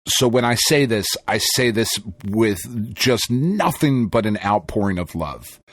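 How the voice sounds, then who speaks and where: A man's voice: lowish voice, unhurried, no room sound, clean studio sound. A man, co-hosting a podcast, telling a story in casual chat with lots of swearing and laughter. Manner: profane, animated storytelling with laughter. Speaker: podcast co-host.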